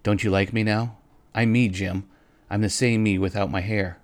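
A man's voice: fairly low pitch, fairly even intonation, moderate pace, natural voice. A man voicing a young, loving and anxious wife in a read-aloud story, in an earnest, pleading way.

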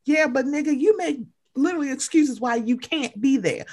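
A woman with a high voice talks on a casual podcast. She is animated and blunt, swears freely, and acts out other people's words in quick little voices. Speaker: podcast co-host. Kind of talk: casual chat, reality show recap.

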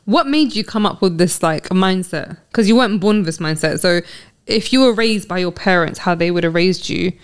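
A woman trading quick banter as a podcast guest. She teases the others and swears for effect, in a loose, conversational way. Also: fairly low pitch, smooth.

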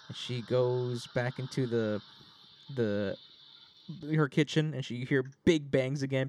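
A man's voice: mid-range voice, steady tone, unhurried, darkish tone, slight background noise. A man narrating as game master in a casual tabletop session, laughing and lightly putting on voices.

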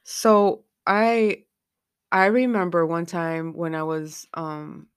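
A woman's voice: fairly low pitch, slow, clear, resonant tone, no echo, studio quality. A middle-aged woman hosting a podcast, talking frankly and candidly from her own experience. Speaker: podcast host. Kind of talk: candid personal podcast talk.

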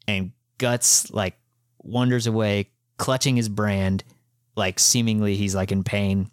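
A man with a fairly low voice talks through a manga chapter in a loose, rambling podcast chat. He leans on fillers and swears casually. The sound is dry and close, with no room around it. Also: steady tone, normal speed, clean tone, dry recording. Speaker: podcast co-host.

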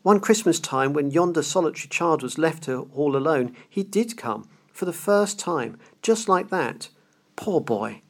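A man voicing an old male miser who exclaims in a high, breathless way, thrilled by childhood memories. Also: expressive, a little slow. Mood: ecstatic.

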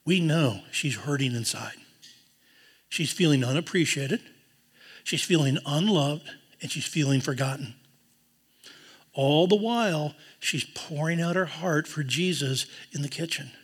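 A man preaching a sermon, earnest, dropping to a hushed voice when he quotes tender words. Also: on the high side, unhurried, husky. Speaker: pastor. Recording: long hall reverb.

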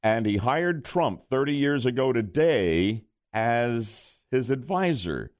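A man's voice: mid-range voice, slow pace. A male morning radio host running a call-in quiz game with jokey banter. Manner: jokey, lively delivery.

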